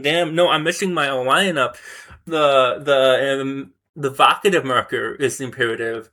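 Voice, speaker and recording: Bright-voiced man muttering through flashcards. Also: mid-range voice, steady tone, measured pace. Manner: muttering, self-correcting, repeating words to memorize them. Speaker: vlogger learning a language. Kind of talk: casual thinking aloud while studying flashcards.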